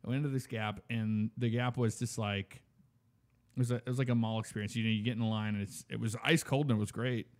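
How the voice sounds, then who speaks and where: A man's voice: fairly low pitch, fast. A man in casual chat, telling a story and acting out the other people's lines in it. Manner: animated storytelling, acts out voices.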